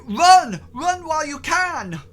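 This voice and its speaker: A man voicing a half-mad, panicked man who shouts desperate warnings. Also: very high voice, very animated, slow, pitched above the performer's own voice, heavily acted. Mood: frantic.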